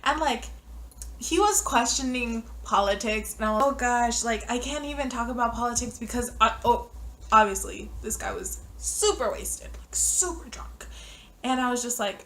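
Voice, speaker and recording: A young woman from the United States telling a story to the camera in a chatty way, heavy on fillers, now and then dropping into hushed asides. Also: a little high, moderate pace. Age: young adult. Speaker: vlogger. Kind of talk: casual storytime.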